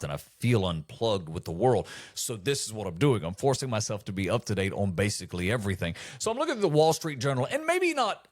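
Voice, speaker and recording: Animated man doing a comic monologue. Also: medium pitch. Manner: animated, mock-incredulous, acts out quotes. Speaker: comedy podcast host. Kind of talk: comedic monologue.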